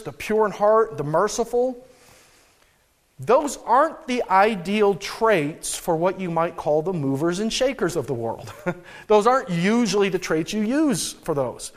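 High-voiced man preaching a casual sermon. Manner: casual and storytelling, with frequent restarts. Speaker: pastor. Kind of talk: conversational sermon. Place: church in New England.

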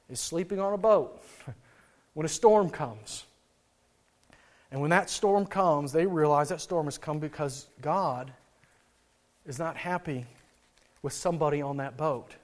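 A man's voice: on the high side, a little mellow. A man giving a sermon, telling a personal story and retelling scripture in an earnest way, with frequent restarts and fillers. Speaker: preacher.

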